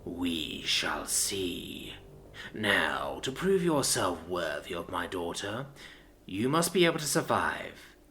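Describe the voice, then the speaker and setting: A hoarse, whispery grim giant. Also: male voice, sits low, sing-song, sharp tone, slight background noise, voice pushed down, heavily acted. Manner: slow, grim and menacing. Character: gaunt giant father, grim, stern, hoarse. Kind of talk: storybook narration.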